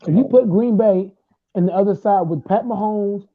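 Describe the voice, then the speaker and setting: A man in his late twenties arguing football in a heated casual chat, loud and repetitive, trash-talking. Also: sits high, normal speed, no room sound. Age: late 20s. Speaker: host. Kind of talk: heated casual sports argument. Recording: tinny phone-like sound.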